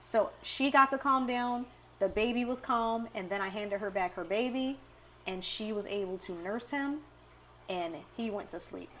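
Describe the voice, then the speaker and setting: This woman co-hosts a podcast at a moderate pace, her medium-pitched voice accompanied by a little hiss or hum. Chatting casually, she tells stories with animation and acts out quoted lines.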